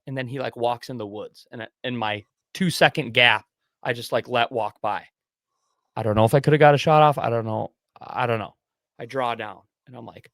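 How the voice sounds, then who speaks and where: Young adult male podcast co-host, medium pitch, dry close sound, animated storyteller who swears. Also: fairly quick, no echo. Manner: animated, swears, acts out his own inner voice. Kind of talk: casual storytelling.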